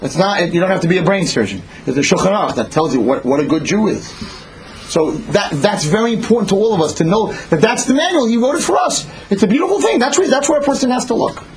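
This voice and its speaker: Animated man teaching a Torah class. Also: high voice, quick pace, crowd noise, rough recording. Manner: animated storytelling, swings between loud and hushed.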